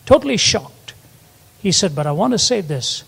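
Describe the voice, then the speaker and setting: A man's voice: a little high, animated, fairly quick, gravelly, fairly bright tone, breathy edge. Older male preacher telling stories. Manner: storytelling, rising to emphatic peaks. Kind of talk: sermon with stories. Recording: long hall reverb.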